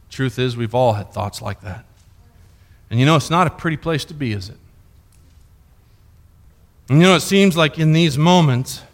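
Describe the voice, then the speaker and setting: A man preaching a sermon, dramatically voicing a grieving father's imagined thoughts and swinging between pleading and hushed tones. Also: a little high. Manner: dramatic, voices imagined inner thoughts with rising intensity. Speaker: pastor.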